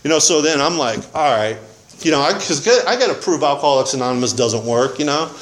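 A man's voice: a little high, fairly quick. A man telling his recovery story at a meeting in a casual, rambling, slangy way, often saying man and dude. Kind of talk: casual personal testimony.

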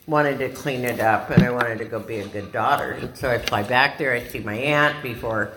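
A Californian woman tells a group her personal recovery story in a dramatic, lively way, acting out the voices of people she quotes. Her voice is a rumbling low and her pace moderate, recorded in an echoey room with background noise.

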